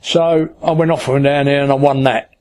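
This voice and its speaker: A man's voice: mid-range voice, fairly even intonation, normal speed, a little mellow. Older man telling stories. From England (Kent). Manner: storytelling, acts out past dialogue; colloquial, with frequent "I said" and "like". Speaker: interviewee. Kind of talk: anecdotal life story.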